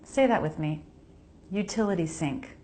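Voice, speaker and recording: Slow, deliberate American woman teaching pronunciation. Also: fairly low pitch, mellow. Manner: deliberate, repeats and models sounds.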